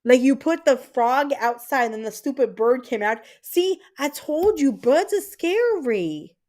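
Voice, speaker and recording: A woman in her thirties runs a live stream, her high voice unhurried as she chats casually and spins animated, profanity-laden stories.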